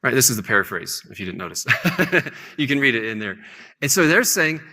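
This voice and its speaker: A man teaching a casual Bible lesson in a relaxed, conversational way, loosely paraphrasing scripture with light humor. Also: mid-range voice, brisk. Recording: long hall reverb.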